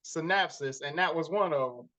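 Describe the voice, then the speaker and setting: A man's voice: fairly high pitch, normal speed, sharp tone, poor audio. A man co-hosting a podcast, chatting casually and playfully, often laughing. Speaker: podcast co-host. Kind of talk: casual chat.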